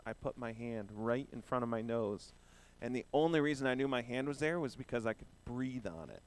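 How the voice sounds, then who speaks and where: A man's voice: mid-range voice, a little fast. A man giving a children's sermon, playful and asking the children questions as he talks. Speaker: pastor giving a children's message.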